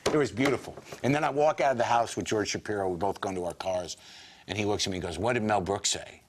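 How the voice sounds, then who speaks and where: A man in his forties, a comedian guest on a talk show, telling animated anecdotes full of quoted voices. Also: lowish voice, fast talker. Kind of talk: storytelling in a talk show interview.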